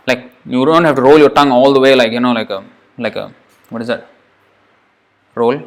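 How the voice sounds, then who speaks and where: Teacher, male, mid-pitched, informal lesson pace, repeats syllables patiently. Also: a bit bright. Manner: repeats sounds slowly, thinks aloud, chuckles. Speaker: Sanskrit pronunciation teacher. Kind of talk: informal lesson drilling sounds.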